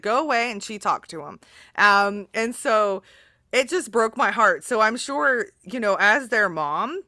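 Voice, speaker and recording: A woman hosting a podcast, chatting casually in a rambling, earnest way full of fillers. Her voice is bright and forward. The sound is dry and close. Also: on the high side, no echo. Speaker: podcast host. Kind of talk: casual interview chat.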